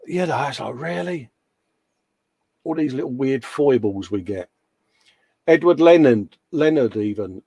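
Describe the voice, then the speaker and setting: A man with a slightly high voice and a darkish tone co-hosts a casual livestream chat, recorded dry. He's chatty, trading banter, yawning, and calling everyone mate.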